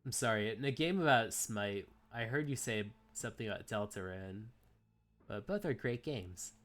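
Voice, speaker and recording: Young male streamer, lowish voice, rambling casual chat and read-aloud narration. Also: expressive, moderate pace, fairly bright tone. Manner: rambling, many fillers, chatty. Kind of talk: live game stream, reading aloud and chatting.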